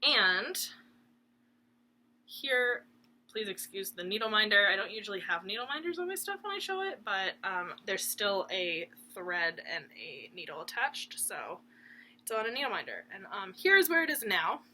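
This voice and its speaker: A woman's voice: mid-range voice, very animated, moderate pace, bright, forceful tone, slight background noise. A young woman hosting a cross stitch channel, chatting casually and rambling at home, laughing often and talking to her dog. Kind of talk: casual rambling chat to camera. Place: room at home.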